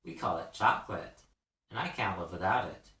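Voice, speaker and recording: A man's voice: low voice, normal speed, sharp tone. A man reading a storybook, voicing a casual, twanging young American girl. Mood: chatty. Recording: roomy echo, mic at a distance.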